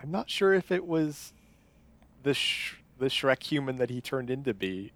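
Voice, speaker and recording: A man's voice: mid-range voice, very animated, moderate pace, a bit bright. A man chatting casually about a film, hesitant and often restarting his sentences. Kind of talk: casual chat.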